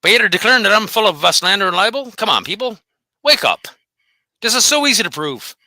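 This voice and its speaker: A man's voice: high voice, big pitch swings, quick pace, sharp tone, no room sound. A man ranting angrily and profanely to his viewers as host of his own channel, taunting his critics. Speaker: host of a dog behavior channel. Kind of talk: angry solo rant.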